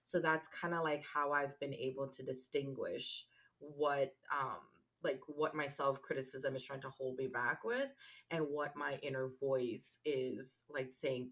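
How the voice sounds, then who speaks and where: Low-voiced woman co-hosting a wellness podcast. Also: steady tone, a little slow, a bit bright. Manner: reflective, uses many fillers like "like". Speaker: podcast co-host. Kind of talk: casual conversation.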